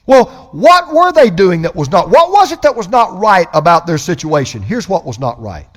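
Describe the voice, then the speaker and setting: A man preaching a sermon as pastor, impassioned, swinging from loud proclamation to hushed storytelling. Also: sits high, very animated, normal speed, few pauses.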